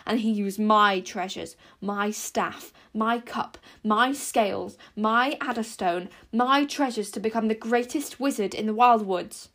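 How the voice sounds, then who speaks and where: A young woman reading aloud, voicing a hateful male lake monster that spits its words out low and menacingly. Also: a little slow, hardly any pauses, fairly bright tone. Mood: bitter. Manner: spitting, bitter, low and menacing.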